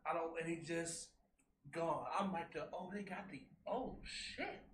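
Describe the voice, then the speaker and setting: A man co-hosting a casual show, recapping a movie excitedly, repeating himself and jumping in over his co-host. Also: fairly high pitch, unhurried. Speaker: podcast co-host. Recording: echoey room with faint hum.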